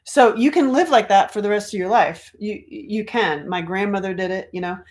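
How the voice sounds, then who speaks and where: A middle-aged woman from North Carolina, an author talking casually on a livestream, chatty and animated, acting out quoted voices. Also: medium pitch, normal speed. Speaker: author and speaker.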